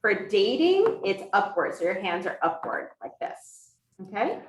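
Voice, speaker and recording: Here a woman interprets for a teacher, rendering a sign language lesson aloud in the first person and breaking down each point step by step. Her medium-pitched voice swings widely in pitch at a measured pace. It's captured from far off in the echoey classroom of a hybrid in-person and online class.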